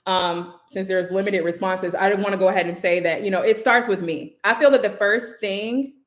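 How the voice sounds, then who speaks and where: A woman's voice: mid-range voice, steady tone, moderate pace, echoey room. A woman hosting and moderating a casual livestream discussion, talking loosely with lots of "like" fillers. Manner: loose, chatty, full of "like" fillers. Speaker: host and moderator.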